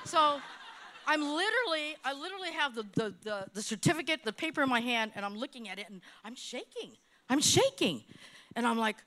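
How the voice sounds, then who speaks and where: Giving a church testimony, a woman from Hawaii speaks briskly in a high, bright voice whose pitch leaps and swoops constantly. She tells her story animatedly and dramatically, repeating key phrases for emphasis like a seasoned preacher in a sermon.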